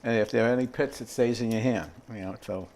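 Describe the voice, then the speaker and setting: A man's voice: on the low side, quick pace, a little mellow. An older man demonstrating a recipe in his home kitchen, rambling and chatty with many fillers and asides. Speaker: home cooking host. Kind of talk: casual cooking demonstration.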